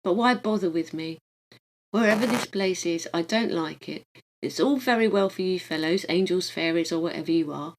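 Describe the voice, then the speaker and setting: A bewildered, doubting father just arrived after death, read by a woman. He sounds gruff and wary, then hungry for hope. The voice sits a little low. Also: normal speed, lightly acted, rough recording. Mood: bitter. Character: grieving newly dead man, gruff and doubting.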